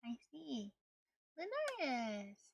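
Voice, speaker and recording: Young woman streamer, high, slow and gravelly, close and dry; bubbly, giggly chat. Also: huge pitch swings, no room sound. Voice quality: morning voice, a little rough. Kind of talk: casual live-stream chat.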